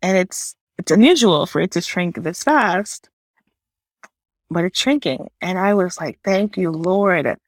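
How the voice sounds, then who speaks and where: A woman's voice: fairly low pitch, expressive, unhurried, no room sound. A young woman hosting a podcast, telling a personal faith testimony in an earnest, emotional, conversational way. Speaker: podcast host. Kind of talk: personal testimony, casual storytelling.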